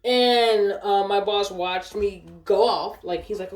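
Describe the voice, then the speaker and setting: Brief: profane, fired-up woman storyteller, mid-pitched, in a roomy echoey space. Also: steady tone, takes it slowly, few pauses, a little hiss or hum. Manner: profane, fired-up, repeats herself. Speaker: storytelling vlogger. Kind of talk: casual storytime retelling. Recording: echoey room.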